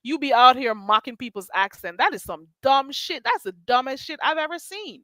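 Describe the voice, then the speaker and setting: A woman with a bright, forceful voice gives blunt, emphatic commentary, swearing freely as she makes her point. Her voice sits a little high, and the sound is dry and close. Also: lively intonation, normal speed, no echo. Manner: blunt, emphatic, profane ranting. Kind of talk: casual commentary chat.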